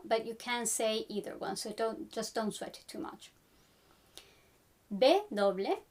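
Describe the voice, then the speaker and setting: A woman teaching the alphabet in an upbeat, encouraging lesson, spelling out letters slowly. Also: on the high side. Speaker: language teacher. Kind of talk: friendly language lesson.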